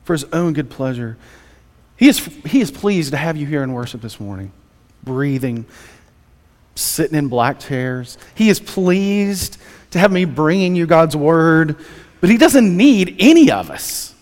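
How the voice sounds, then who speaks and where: A man's voice: a little high, unhurried. A man preaching a Sunday sermon as pastor, in a conversational way with joking asides. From United States. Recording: reverberant church hall.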